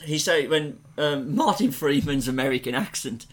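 Lively English podcast host, man. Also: on the high side, normal speed. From England. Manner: animated, jokey, quotes lines in funny voices. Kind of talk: casual film-review chat.

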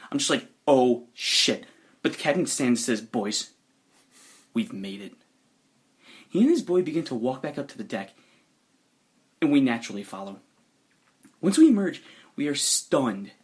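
A man narrating a tabletop role-play story, playful and animated, often laughing. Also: medium pitch, slightly rough. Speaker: game master narrating a story.

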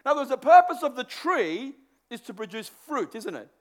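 Male preacher, very high voice, lively delivery, repeats himself, sermon setting. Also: brisk. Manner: animated, acts out inner thoughts, repeats words.

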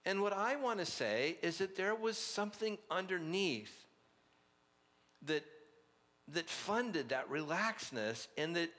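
A man from Southern California preaching a sermon in a relaxed, conversational way, telling stories with asides. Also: fairly high pitch, in a large hall. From Orange County, California. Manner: conversational, anecdotal, with frequent asides and restarts. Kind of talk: sermon with storytelling.

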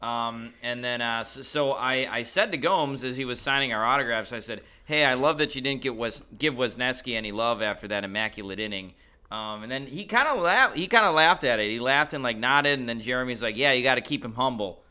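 A man co-hosting a casual podcast, speaking in a relaxed way with many "um"s and "uh"s. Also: mid-range voice, fairly quick, clean tone. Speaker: podcast co-host. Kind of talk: casual chat.

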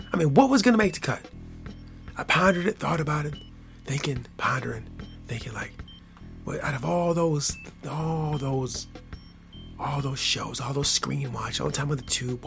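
A man hosting his own podcast, talking casually in a rambling, repetitive, playful way that swings from hushed to excited. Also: medium pitch, gravelly. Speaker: podcast host. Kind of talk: casual solo podcast monologue.

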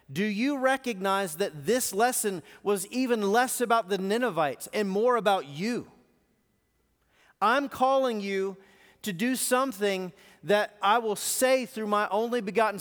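A man's voice: high voice, a bit bright. A man acting out God, who presses a wayward prophet with stern yet loving questions. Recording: long reverb in a live hall.

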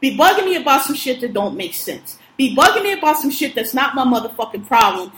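Woman host, high voice, profane emphatic ranter, recorded in an echoey room. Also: fairly bright tone, slight background noise. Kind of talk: casual chat, venting.

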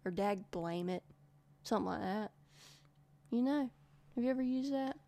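Teasing, gravelly Southern woman co-host. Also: medium pitch, normal speed, dark tone. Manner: teasing, playful. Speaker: podcast co-host. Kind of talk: casual chat.

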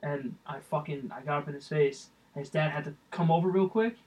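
A man's voice: a little high, a little fast, distant mic, poor audio. A young man co-hosting a casual chat, telling a profane story and acting out the quotes. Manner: profane, animated storyteller who acts out quotes.

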